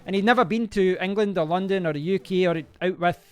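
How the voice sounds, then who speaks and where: A man's voice: high voice, fast talker, clean tone. A man chatting casually to viewers during a live stream, reacting aloud to the game as he plays and rambling into stories. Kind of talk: casual live-stream chat while playing.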